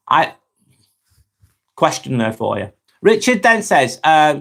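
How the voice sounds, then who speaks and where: A man's voice: on the high side, big pitch swings, takes it slowly, long pauses, a bit bright. Chatty man reading live comments. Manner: chatty, reads comments aloud and replies frankly. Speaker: live stream host.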